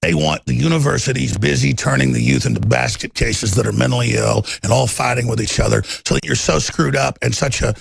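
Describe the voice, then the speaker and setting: A man giving a fervent, combative political rant in a gravelly voice. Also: mid-range voice, fairly bright tone, dry recording. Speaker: political commentator.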